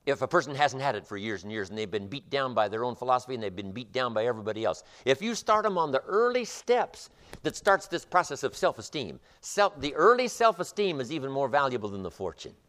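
Lively, emphatic male motivational speaker. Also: medium pitch, brisk. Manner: emphatic, repetitive, preacher-like cadence. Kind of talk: motivational lecture.

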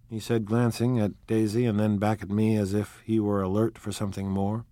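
Measured male audiobook narrator. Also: fairly low pitch, level tone, dark tone, no echo. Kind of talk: scripted narration of a novel.

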